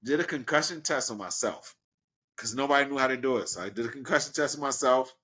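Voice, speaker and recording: Animated male storyteller from Brooklyn. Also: fast talker. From Brooklyn, New York. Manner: animated, acts out quoted people with big jumps in pitch. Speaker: guest, professional wrestler. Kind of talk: casual storytelling in an interview.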